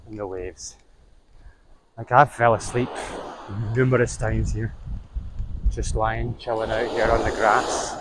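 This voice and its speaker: A man's voice: on the low side, flat delivery, slow pace, pauses often. A man with a Donegal Irish accent, a travel vlogger chatting casually to camera outdoors on a beach in a rambling, easygoing way, with slang and swearing. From Donegal, Ireland. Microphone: clip-on mic. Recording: outdoor wind noise.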